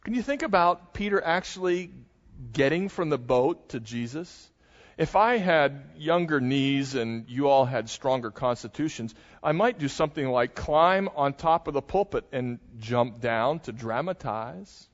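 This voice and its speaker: A man's voice: mid-range voice, unhurried. Older male pastor preaching in a reverberant church. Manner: animated storytelling, dramatizing the scene. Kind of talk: sermon. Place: church sanctuary. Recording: muffled, long hall reverb.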